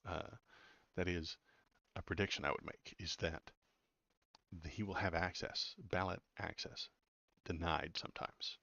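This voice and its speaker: A very deep, gravelly-voiced man giving casual political commentary. He is blunt and sarcastic and stumbles over words now and then. The recording is dry, dull and lo-fi. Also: steady tone, a little slow, sharp tone, dry recording.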